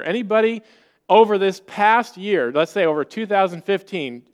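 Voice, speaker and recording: Male pastor, high voice, earnest conversational sermon delivery, rhetorical questions to the congregation.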